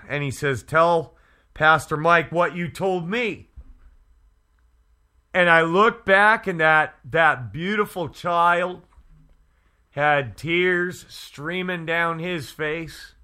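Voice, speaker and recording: Casting: male pastor, earnest testimony, unhurried delivery, slightly high voice. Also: sharp tone. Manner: slow, earnest, emphatic storytelling. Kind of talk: storytelling testimony.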